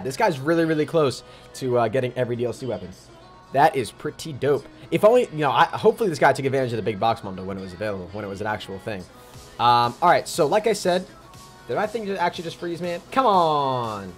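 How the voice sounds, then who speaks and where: A young man live-streaming a video game, greeting viewers by name in rapid casual shoutouts and chatting about his plans. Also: medium pitch. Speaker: livestreamer. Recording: faint music behind.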